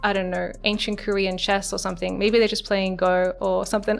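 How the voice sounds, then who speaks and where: A young woman virtual streamer chats casually on a live stream, rambling through a story with plenty of fillers and giggles. Her mid-range voice is creaky, with a level tone and moderate pace, and she hardly pauses at all. Soft music plays in the background.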